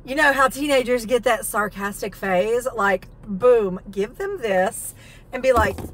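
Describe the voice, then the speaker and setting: A high-pitched woman with a drawl talks through her shopping haul. She is chatty and excitable, gushing over what she bought and reading the labels aloud as she goes. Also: unhurried, slight background noise. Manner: chatty, enthusiastic, reads product text aloud. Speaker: haul vlogger. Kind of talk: casual haul video chat.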